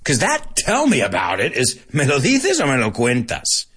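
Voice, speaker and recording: Male podcast teacher, husky, very animated pitch, laughs a lot. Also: normal speed. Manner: animated, sings snippets and switches into Spanish; laughs often. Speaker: English teacher podcast host. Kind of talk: casual podcast lesson.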